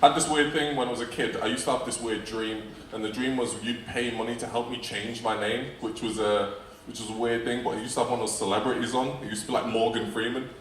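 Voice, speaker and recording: A man's voice: mid-range voice, fairly even intonation, fast talker, a bit bright, distant mic, a little hiss or hum. A young man from England doing rambling, self-mocking stand-up comedy. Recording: echoey stage with a crowd from afar.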